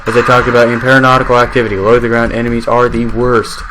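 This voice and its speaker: A man's voice: medium pitch, completely flat delivery, racing, background noise. Chatty man rambling over his gameplay. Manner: rambling and chatty, jokes with the game's enemies. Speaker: gamer commentating his own play. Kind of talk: casual let's-play commentary.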